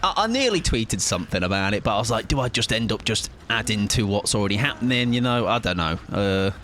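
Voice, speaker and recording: Animated young man streaming a game. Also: lowish voice, quick pace, slight background noise. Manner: rambling, jokey, chats to viewers while playing; laughs often, sudden excited outbursts. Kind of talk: live gameplay commentary with chat.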